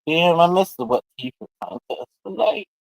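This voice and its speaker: A man's voice: high-pitched, normal speed, gravelly, no echo, poor audio. A man hosting a livestream, telling rambling, crude, joking stories in casual chat. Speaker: livestream host.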